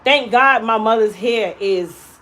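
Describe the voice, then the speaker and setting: A slow-paced, fairly high-pitched woman comes through on a low-quality recording. She's a young adult hairstylist and salon owner, animatedly telling an emotional story from her own life and playing out the quoted voices.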